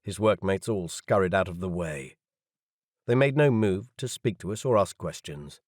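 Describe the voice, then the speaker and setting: Low-voiced guy reading an audiobook, lots of up and down, super dry sound. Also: expressive, moderate pace, darkish tone, no echo. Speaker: audiobook narrator. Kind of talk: scripted first-person narration.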